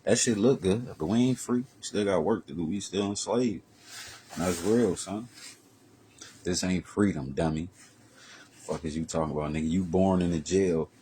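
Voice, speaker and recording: Man, low voice, profane heated rant, swings from muttering to loud bursts, slight hiss. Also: normal speed. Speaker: vlogger. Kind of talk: profane street-talk rant.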